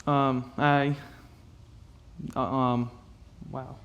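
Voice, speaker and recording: A young man giving a halting personal testimony to a youth group, full of fillers and nervous laughs and close to tears. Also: medium pitch, little pitch movement, fairly bright tone, highs cut off.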